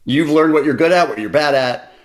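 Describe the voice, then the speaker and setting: A man hosting a casual chat, talking quickly in a dry, sarcastic way. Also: on the high side. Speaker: host.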